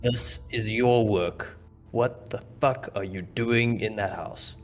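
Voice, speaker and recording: A man's voice: lowish voice, slow pace, soft background music. A man voicing an angry wounded male agent who speaks in a blunt, contemptuous way.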